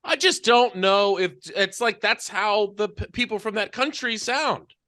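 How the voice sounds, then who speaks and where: Co-host: young man, high bright voice, jokey interjections, very dry mic. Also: no echo. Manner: wisecracking, quick interjections. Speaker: podcast co-host. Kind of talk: casual comedic chat.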